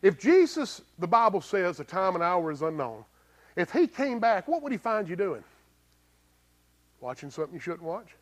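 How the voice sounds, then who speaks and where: A pastor preaching a sermon in a plain-spoken, folksy way, swinging between loud emphatic bursts and low, quiet lines and asking the congregation rhetorical questions. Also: male voice, big pitch swings, normal speed.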